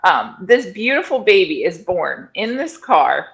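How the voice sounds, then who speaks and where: A middle-aged woman, a guest in an interview, telling stories in a lively conversational way and acting out other people's words. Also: lowish voice, measured pace, gravelly, low-quality recording. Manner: animated storyteller, acts out quoted people in raised voices. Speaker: guest, functional medicine director and former doula.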